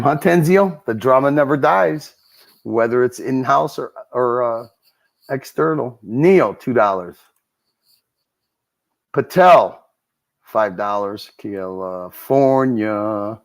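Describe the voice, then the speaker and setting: A man hosting a casual livestream, reading out viewer donations one by one and thanking each. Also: on the low side. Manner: relaxed, chatty, thanks donors one by one. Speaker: livestream host. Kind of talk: casual livestream chat, reading super chats.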